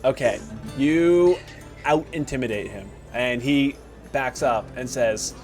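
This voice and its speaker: A man narrating as dungeon master in a tabletop game, lively with many fillers. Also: mid-range voice, slow pace, faint music behind.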